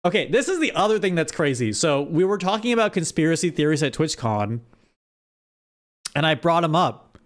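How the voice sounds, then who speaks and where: A young man streaming live, chatting casually with his viewers while gaming, animated and rambling with restarts. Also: fairly high pitch, moderate pace. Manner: animated, talks straight to chat, rambling with restarts.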